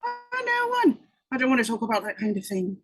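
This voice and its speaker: Female reader for grumpy Belfast gangster, fifty, husky. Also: a little high, wildly swooping pitch, brisk, dry recording. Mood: gruff. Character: stocky angry Belfast man, fifty. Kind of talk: amateur script table read.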